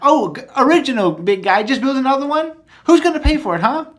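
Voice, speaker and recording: Man doing a high, sneering, nagging emperor spoof; loud and mocking. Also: animated. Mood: scolding. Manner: shrill, mocking, rapid-fire questions. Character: nagging, scolding galactic emperor, male.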